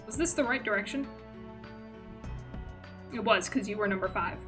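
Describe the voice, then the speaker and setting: A woman's voice: mid-range voice, normal speed, music in the background, rough recording. A woman streamer giving playful, self-mocking commentary while playing a game live.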